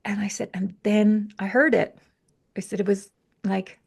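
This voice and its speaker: A woman's voice: mid-range voice, steady tone, measured pace, gravelly, slightly rough. A woman guest in a casual podcast conversation, telling stories and acting out her inner voices with animation. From UK or Ireland.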